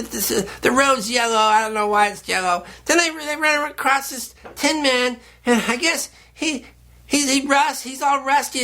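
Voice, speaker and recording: A man hosting a deadpan satirical monologue, rambling in a halting, earnest, offbeat way. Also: very high-pitched. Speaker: host.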